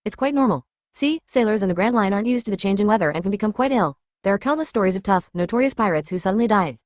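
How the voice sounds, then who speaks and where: A woman's voice: mid-range voice, lively intonation, fast, no room sound, studio quality, lightly acted. A woman voicing an earnest young princess who sounds worried as she explains.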